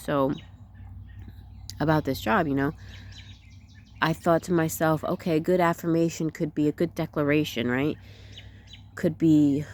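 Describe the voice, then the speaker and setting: A woman's voice: sits low, a little mellow. A woman talking through her thoughts in a candid, self-questioning personal vlog, often checking in with "you know what I'm saying.". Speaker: vlogger. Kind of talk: reflective personal vlog monologue.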